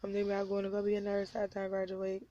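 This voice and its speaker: Rapid-fire and completely flat, a woman in her 20s from North Carolina by birth and Oklahoma by upbringing vents wearily about her troubles in a personal vlog. She has a slightly sore throat and coughs, and her mellow, medium-pitched voice comes through lo-fi audio with a little hiss or hum.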